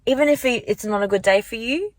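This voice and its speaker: A woman's voice: fairly high pitch, fast talker, no echo. A young woman vlogging casually into her phone from her car, chatty and rambling, full of likes and restarts. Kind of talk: casual chat to camera. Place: parked car. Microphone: handheld phone.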